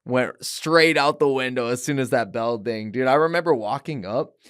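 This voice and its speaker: A young man on a podcast who tells his story in a casual, animated way and acts out the voices of the people in it. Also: medium pitch, normal speed, clean tone. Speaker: guest, fighter. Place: podcast studio.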